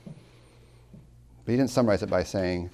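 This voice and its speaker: A man teaching a class as a college tutor, emphatic, asking rhetorical questions and slowing down to stress key words. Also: low voice, a little mellow, slight background noise. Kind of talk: classroom lecture on poetry.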